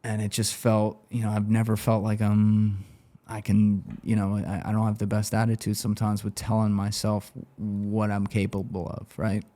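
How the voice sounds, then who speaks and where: A man's voice: lowish voice, completely flat delivery, moderate pace, mellow. A man telling stories as a podcast guest, in a loose, profane, laughing way. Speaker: guest, former banker turned interviewer. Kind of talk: casual storytelling on a podcast.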